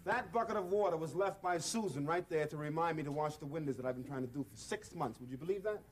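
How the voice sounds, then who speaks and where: A man's voice: a little high, fast, natural voice. A man in 1970s children's TV acting, talking in an easygoing, friendly, chatty way.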